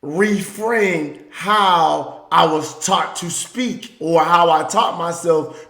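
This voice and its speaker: A man from the Southern US telling a personal story as a speaker, moving between hushed reflection and loud, emphatic bursts. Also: on the high side, drawn-out words, gravelly, hardly any pauses, reverberant.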